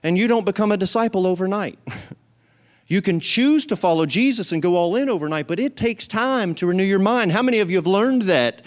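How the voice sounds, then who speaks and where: A man preaching a sermon in a church. His voice is fairly high for a man, smooth and clear, and he drives his points home by repeating them. He keeps calling on the congregation to answer back. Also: brisk. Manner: preaching with rising emphasis and repetition; calls the congregation to respond. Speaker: pastor. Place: church sanctuary.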